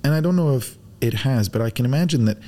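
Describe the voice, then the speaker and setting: A man who grew up in the Arab world, talking as a guest in a casual podcast conversation, an animated storyteller who acts out quotes and swears freely. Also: medium pitch, fast talker.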